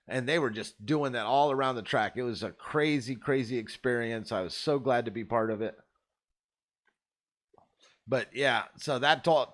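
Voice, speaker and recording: A man from Arizona hosts and tells rambling, profane stories in a laid-back, casual storytelling style. His voice is mid-range and a bit bright.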